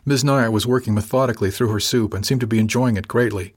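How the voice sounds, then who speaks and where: Calm man reading an audiobook, husky voice. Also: medium pitch, fast talker. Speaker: narrator. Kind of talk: first-person audiobook narration.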